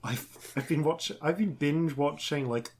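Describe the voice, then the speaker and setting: Man host, halting rambling storyteller. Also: a little high, darkish tone. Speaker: host and dungeon master. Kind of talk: casual podcast chat and storytelling.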